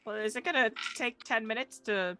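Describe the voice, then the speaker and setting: A woman's voice: a little high, moderate pace, pushed and bright, a little hiss or hum. A woman playing a tabletop role-playing game, chatty and casual. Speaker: player.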